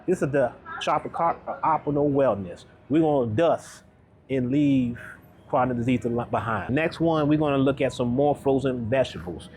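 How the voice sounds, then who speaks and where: A man who coaches wellness narrates his store trip vlog-style, upbeat and conversational, dropping a quick "right?" to the viewer between aisles. His medium-pitched voice is expressive and a little mellow, with a slight hiss or hum in the recording.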